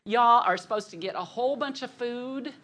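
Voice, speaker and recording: A middle-aged woman with a lilt runs a church women's group, making announcements, telling a funny family story and leading prayer. She talks in a lively, chatty way and laughs often. A faint noise sits under her voice. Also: on the high side, normal speed.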